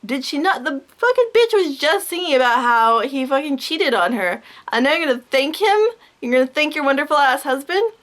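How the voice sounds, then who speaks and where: A woman's voice: high voice, sing-song, fairly quick, few pauses, a bit bright. A young woman vlogging a heated, sarcastic, profanity-heavy rant. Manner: heated, sarcastic, swears a lot.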